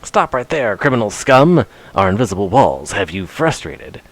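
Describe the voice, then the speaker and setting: A man's voice: lowish voice, very animated, moderate pace. A man voicing a stern male city guard from a fantasy game, barking orders in a commanding tone.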